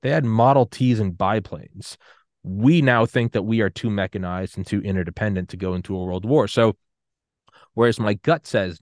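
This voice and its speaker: A man in his thirties talking casually on a podcast, acting out quotes in an animated way. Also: lowish voice, moderate pace, dry recording, clean studio sound. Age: 30s. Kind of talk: casual conversation.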